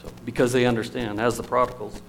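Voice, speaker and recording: A man's voice: medium pitch, quick pace, creaky, rough recording. Guy preaching, tells stories, gets emotional, mid voice, bit of hiss behind. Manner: storytelling, emotional, lively shifts in loudness. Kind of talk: sermon.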